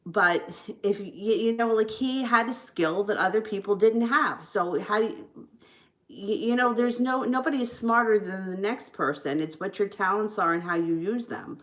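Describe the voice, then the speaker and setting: A woman's voice: medium pitch, moderate pace. Frank, rambling woman tarot reader. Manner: rambling, frank, swears freely. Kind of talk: casual livestream chat.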